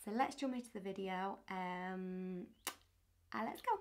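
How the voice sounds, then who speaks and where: A woman's voice: mid-range voice, measured pace, over loud music. A young woman chatting in a casual clothing try-on haul, bubbly and hyped up. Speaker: fashion vlogger. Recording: roomy echo, distant mic, faint noise.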